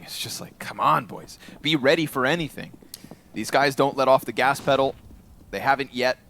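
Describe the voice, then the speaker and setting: A man doing fast, excited play-by-play commentary on a competitive shooter match. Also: medium pitch, slight background noise. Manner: rapid excited play calls. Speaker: play-by-play caster. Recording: game gunfire behind. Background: gunfire from the match.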